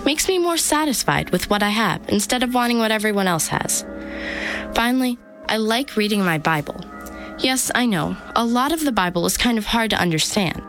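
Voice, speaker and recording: A woman's voice: on the high side, lively intonation, moderate pace, fairly bright tone, soft background music, low-quality recording. A woman reading a scripted personal reflection. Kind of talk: scripted testimony.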